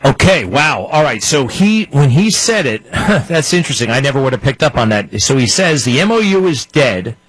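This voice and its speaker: A man's voice: mid-range voice, big pitch swings, moderate pace, few pauses, fairly bright tone, husky, low-quality recording. A man hosting an interview, asking eager questions and reacting with interest. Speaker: interview host.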